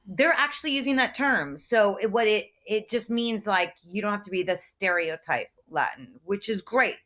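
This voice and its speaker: Woman comedian on a video call, chatty and giggly, middle pitch, slips into silly voices. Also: animated, normal speed, sharp tone. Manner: bubbly, laughs often, slips into playful put-on voices. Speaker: comedian and actress guest. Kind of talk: casual video call interview.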